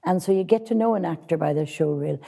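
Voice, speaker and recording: A woman's voice: fairly low pitch, fast talker, vocal fry, warm tone. A woman casting director answering interview questions with direct, practical advice for actors, speaking frankly.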